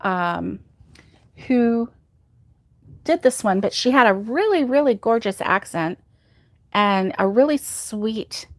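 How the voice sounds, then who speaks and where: Slow, giggly woman hosting a crochet chat. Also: on the high side, expressive, dry recording, clean studio sound. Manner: giggly, laughs at her own puns; reads out viewer comments. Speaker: crochet livestream host. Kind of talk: casual livestream chat telling corny jokes.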